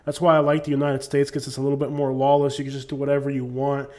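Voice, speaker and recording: A man's voice: medium pitch, monotone, quick pace, a little mellow. A man talking casually to camera as a YouTuber, rambling with lots of fillers. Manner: rambling, many "you know what I'm saying" fillers. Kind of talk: casual opinion monologue.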